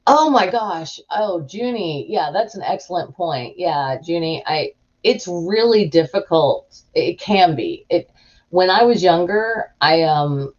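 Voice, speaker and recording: Over muffled, lo-fi stream audio, a woman hosts live viewers in a casual chat, speaking slowly in a fairly low voice. She spins animated anecdotes and acts out the voices of the people involved.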